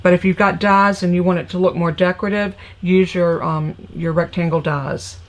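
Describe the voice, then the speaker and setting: A woman's voice: lowish voice, steady tone, moderate pace. A middle-aged woman with a Southern North Carolina accent, hosting a live crafting session from her home craft room and chatting casually with viewers between steps. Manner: chatty, folksy, talks to viewers as y'all with many ums. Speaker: crafting livestream host. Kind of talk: casual live tutorial chat.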